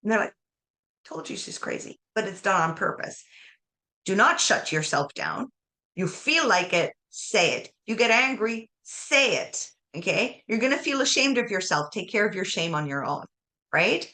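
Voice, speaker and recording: A woman's voice: mid-range voice, big pitch swings, normal speed, bright, forceful tone. A woman on a podcast giving emphatic, encouraging advice in conversation.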